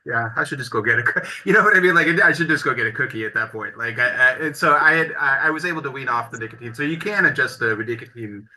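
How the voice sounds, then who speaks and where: A man's voice: medium pitch, quick pace, few pauses, low-quality recording. A man talking casually and loosely in a group discussion, full of "like" and "you know.". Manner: relaxed, chatty, many "like" and "you know" fillers. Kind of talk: casual chat.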